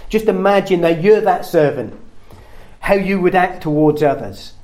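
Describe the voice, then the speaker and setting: A man's voice: expressive, normal speed, a little mellow. A man preaching a sermon in an earnest way, his voice rising at emphatic points. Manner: earnest, rises in pitch and volume at emphatic points.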